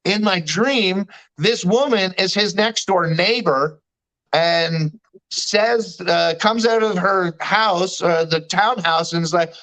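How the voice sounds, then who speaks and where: A man with a notably high-pitched voice speaks in a loose, casual chat. He is candid and slangy, and he swears without holding back. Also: slow pace, pushed and bright, low-quality recording. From Canada. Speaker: guest. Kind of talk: casual chat recounting a dream.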